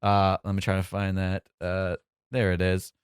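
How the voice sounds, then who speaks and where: A man's voice: low-pitched, completely flat delivery, normal speed, smooth, no echo. A man co-hosting a casual podcast from a small studio, rambling with lots of fillers as he reads listener mail. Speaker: podcast co-host. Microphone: studio mic.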